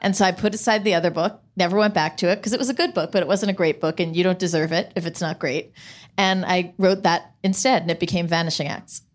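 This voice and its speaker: A woman's voice: fairly low pitch, fairly even intonation, fast. A woman novelist telling a frank story about her writing in a casual onstage conversation. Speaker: novelist on a panel.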